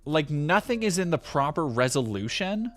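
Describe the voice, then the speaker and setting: A man's voice: fairly high pitch, big pitch swings, moderate pace, soft background music. Sarcastic, ranting streamer man. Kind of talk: casual game commentary.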